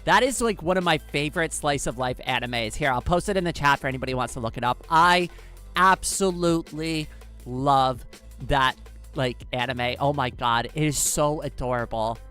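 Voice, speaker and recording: A woman chatting casually on a live stream, excitable and giggly, saying "like" a lot. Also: extremely low pitch, moderate pace, soft background music.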